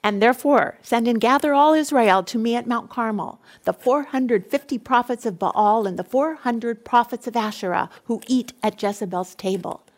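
A woman's voice: on the high side, measured pace. Woman reading as bold prophet Elijah. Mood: defiant.

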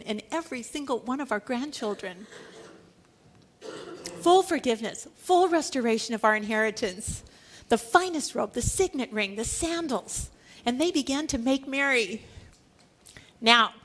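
High-voiced woman preaching a lively sermon. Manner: animated storytelling, acting out quoted lines, laughs often.

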